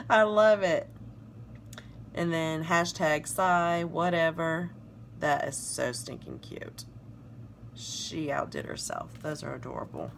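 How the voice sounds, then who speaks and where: Southern lady gushing over stickers, slow easy talk, lowish voice, bit of room hum. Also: animated, creaky. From South Carolina, US. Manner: gushing, reads sticker phrases aloud. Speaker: planner sticker vlogger. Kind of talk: casual show-and-tell narration.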